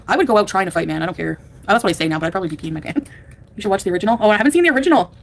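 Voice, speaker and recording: A woman hosting a casual livestream, chatting and reading out donations with excitable, squealing thanks. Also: mid-range voice, racing, vocal fry. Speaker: livestream host.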